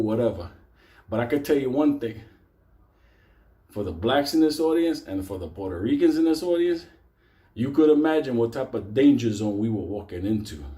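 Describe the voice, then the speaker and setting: A man's voice: medium pitch, dark tone. Profane, laughing New storyteller man. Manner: profane, rambling, laughs between lines. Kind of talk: live comedic storytelling to an audience.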